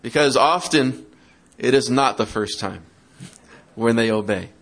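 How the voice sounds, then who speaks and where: Preacher, male, mid-pitched, teaching parents, interactive, mocks excuses. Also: a little slow, vocal fry, a bit bright. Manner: interactive, asks the audience questions; acts out quoted excuses in a mocking tone. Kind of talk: sermon.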